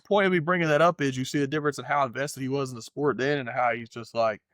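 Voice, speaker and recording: Profane, rambling podcast co-host, dry sound. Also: male voice, medium pitch, fairly even intonation, quick pace, a bit bright, dry recording. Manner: loose, profane, rambling, does impressions of fighters. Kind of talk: casual chat.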